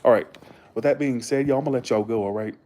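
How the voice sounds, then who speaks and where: A man's voice: mid-range voice, fast talker, warm tone, slight background noise. A young man, chatting casually to his viewers in a rambling, enthusiastic way and swearing freely. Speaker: vlogger talking to viewers. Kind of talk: casual chat.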